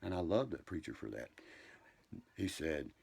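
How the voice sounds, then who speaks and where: A man's voice: extremely low pitch, big pitch swings, normal speed, vocal fry, a little mellow, husky, no echo. A man ranting on a livestream, profane, combative and rambling from one point to the next.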